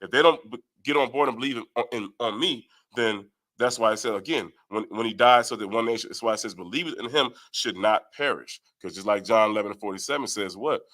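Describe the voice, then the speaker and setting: A man's voice: lowish voice, brisk, hardly any pauses, a bit bright. A man leading a Bible study, reading verses aloud and explaining them, often asking "right?". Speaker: Bible teacher. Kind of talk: scripture study talk.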